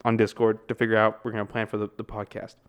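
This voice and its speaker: A man's voice: on the low side, monotone, quick pace, smooth, muffled recording. A young man co-hosting a podcast, telling rambling stories in casual chat, laughing and swearing along the way. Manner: rambling storyteller, laughs often, curses. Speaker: podcast co-host.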